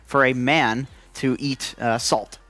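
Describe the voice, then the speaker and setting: A man's voice: mid-range voice, fairly even intonation, slow pace, bright, forceful tone, dry recording. A man on an esports panel, chatting casually and teasing his co-host in a wry way.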